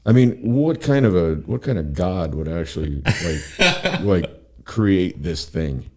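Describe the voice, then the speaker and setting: A man's voice: deep voice, big pitch swings, slow. A man hosting a podcast, telling rambling, profane stories in casual chat and laughing often. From Pacific Northwest of the US. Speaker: podcast host.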